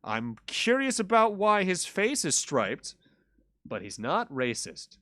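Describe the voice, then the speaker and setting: Lively joking man commenting on a game. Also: high-pitched, slow, no room sound, clean studio sound. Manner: casual and joking. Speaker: gaming streamer. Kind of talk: casual let's-play commentary.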